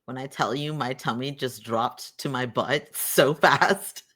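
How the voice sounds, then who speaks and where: A tabletop game player who rambles and thinks out loud while deciding what their character does. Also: mid-range voice, measured pace. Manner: rambling, giggly, thinks aloud. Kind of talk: tabletop role-play chat.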